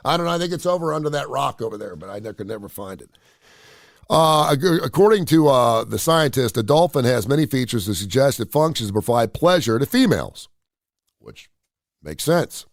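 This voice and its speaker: Man, radio host, blunt crude rants, mid pitch, dry close mic. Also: a little fast, no room sound. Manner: blunt, opinionated, animated rants with crude humor. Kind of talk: casual live-stream monologue.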